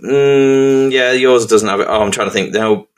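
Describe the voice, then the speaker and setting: A man's voice: medium pitch, normal speed. Tired, sweary man. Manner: sweary, rambling, self-mocking. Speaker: podcast co-host. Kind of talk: casual chat.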